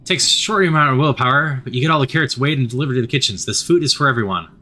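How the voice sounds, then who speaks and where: A man's voice: mid-range voice, rapid-fire, bright, forceful tone. A man reading a story game aloud as he plays, adding wry asides of his own. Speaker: narrator of a story game playthrough. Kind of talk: narrated playthrough.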